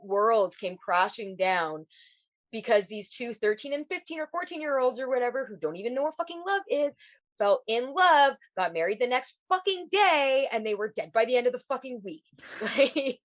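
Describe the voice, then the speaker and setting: A woman's voice: on the high side, big pitch swings, normal speed, no room sound. A woman in her thirties co-hosting a casual podcast chat, swearing freely and laughing often. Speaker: podcast co-host. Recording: dull, lo-fi dry sound.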